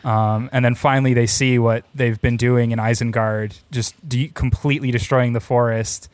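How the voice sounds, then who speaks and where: A man's voice: medium pitch, little pitch movement, normal speed, darkish tone, no room sound. A man in casual conversation, retelling movie scenes and putting on silly voices for characters.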